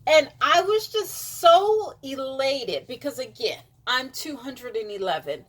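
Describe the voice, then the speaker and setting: A woman's voice: high-pitched, lively intonation, a little slow, a bit bright. A middle-aged woman telling a rambling personal story to her camera, full of fillers, dropping to a whisper when she quotes other people. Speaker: vlogger. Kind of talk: casual storytelling monologue.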